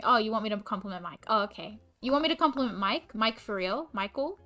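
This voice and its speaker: A young woman in her twenties chats casually on a livestream. She vents with exasperation and swears freely. Her voice sits a little high. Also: animated, fairly quick, hardly any pauses, bright, forceful tone. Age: 20s. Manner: exasperated venting, frequent swearing. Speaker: teacher and livestreamer.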